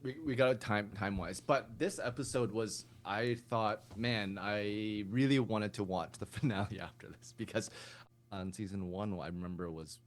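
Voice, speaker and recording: A man with a fairly low voice co-hosting a podcast in casual chat. He rambles and circles back on himself, with plenty of fillers. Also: normal speed, a little hiss or hum. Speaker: podcast co-host.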